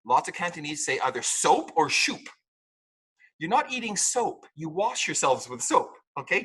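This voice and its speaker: Lively husky-voiced man teaching pronunciation. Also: fairly high pitch, normal speed. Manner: lively, playful, mimics mistakes and laughs often. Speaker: English teacher. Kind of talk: classroom lecture on pronunciation.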